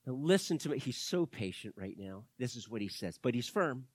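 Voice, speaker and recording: A pastor preaching a sermon to his church, swinging between hushed words and loud, fervent calls. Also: mid-range voice, very animated, a little fast, husky, no room sound, clean studio sound. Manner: dramatic, swings from hushed to shouting.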